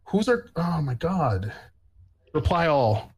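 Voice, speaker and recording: A man's voice: a little high, big pitch swings, slow pace, husky, dry recording, poor audio. A man hosting a casual sports podcast, rambling with lots of fillers and restarts. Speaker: podcast host.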